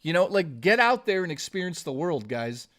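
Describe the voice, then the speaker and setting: A man's voice: fairly high pitch, big pitch swings, moderate pace, a bit bright. A man streaming live, chatting casually and ramblingly with viewers, swearing often and calling them dude and guys. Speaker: gaming streamer.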